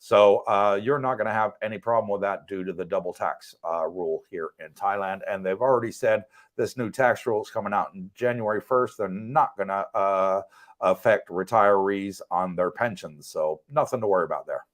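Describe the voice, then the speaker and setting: A man's voice: fairly low pitch, normal speed. An American man co-hosting a casual livestream from his condo in Thailand, chatting easily and reading out viewer questions with frequent light laughs. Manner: relaxed, chatty, easy laughs. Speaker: livestream co-host.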